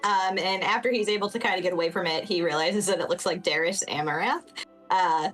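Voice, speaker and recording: A woman's voice: on the low side, fairly quick, a bit bright, faint music behind, low-quality recording. A woman giving a chatty, laughing recap of a tabletop game session, with many fillers.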